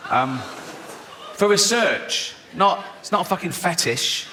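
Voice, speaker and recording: A man's voice: sits high, expressive, slow, over a noisy crowd, very noisy. A man performing a sardonic, provocative stand-up set with a self-mocking edge. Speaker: stand-up comedian.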